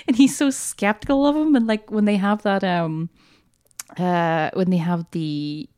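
A woman's voice: mid-range voice, slow pace, a little mellow, smooth. Chatty, laughing woman discussing a film. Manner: chatty and enthusiastic, laughs often, many fillers. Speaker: podcast co-host.

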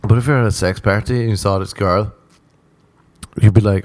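Alone at a close mic, a podcast host with a non-American accent drifts from story to story, swearing freely, mocking himself and laughing a lot. His slightly low, a little mellow voice keeps fairly even intonation at a moderate pace, and the recording is dry with no room sound.

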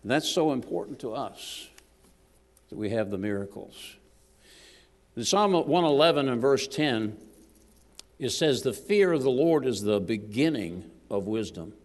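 Man preaching a lively sermon in a hall. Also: medium pitch, unhurried, long pauses. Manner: lively, jokes with the congregation, calls for amens. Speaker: guest preacher. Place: church sanctuary. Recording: long hall reverb.

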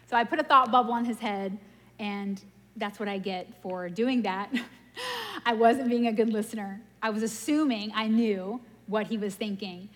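A woman giving a casual, animated sermon in a church, telling stories and laughing at herself. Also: fairly high pitch. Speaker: preacher. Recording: long hall reverb.

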